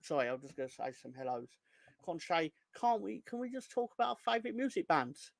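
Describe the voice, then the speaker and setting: A man's voice: a little high, very animated, fairly quick, gravelly, no echo, clean studio sound. A young man hosting a fan live stream, ranting in an exasperated, sweary way and reading out chat hellos. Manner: exasperated, sweary, rising into angry outbursts. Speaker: fan channel host.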